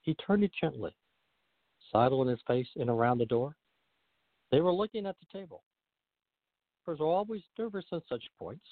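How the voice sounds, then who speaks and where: A man hosting a radio show, reading a classic story aloud with a lively, expressive delivery. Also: a little high, moderate pace, long pauses, no echo. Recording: narrow phone-line sound.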